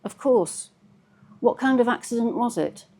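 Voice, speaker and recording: A woman's voice: on the high side, expressive, unhurried, dark tone, pitched above the performer's own voice. A woman reading as an anxious psychotherapist. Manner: anxious, earnest questions. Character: worried female psychotherapist on the phone.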